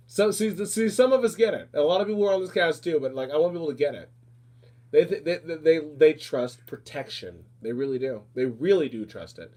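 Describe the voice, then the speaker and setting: In a casual podcast rant, the male host speaks fast and emphatically, going over the same points again and again. His voice is a little high and warm in tone.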